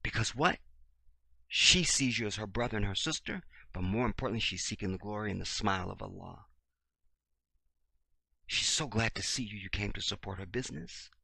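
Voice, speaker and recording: Animated storytelling man with a bright, dry voice. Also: on the low side, moderate pace, gravelly, pauses often, breathy edge, no echo. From Chicago, USA. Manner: animated storyteller, acts out dialogue, swings loud and soft. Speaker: video blogger. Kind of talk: casual monologue to camera.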